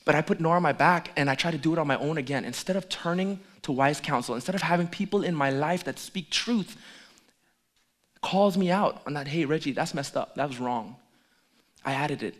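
A middle-aged man preaching as a pastor, joking playfully with the congregation during a lively demonstration. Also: a little high, a little fast. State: out of breath at times. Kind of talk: lively sermon with audience demonstration.

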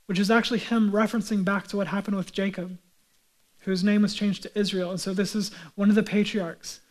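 A man's voice: sits high, flat delivery, fairly quick. A male pastor preaching a sermon in a conversational way, often putting rhetorical questions to his listeners.

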